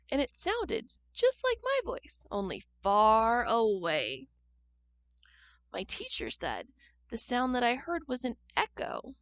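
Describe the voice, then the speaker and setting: Slow, lively woman reading a children's story. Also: a little high, dry recording. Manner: gentle and expressive, asking children questions. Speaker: church storyteller.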